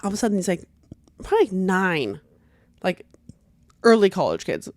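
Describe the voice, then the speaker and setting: A young adult woman co-hosting a podcast, chatting casually with quick asides. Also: mid-range voice, sing-song, darkish tone, no room sound. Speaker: podcast co-host. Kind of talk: casual chat.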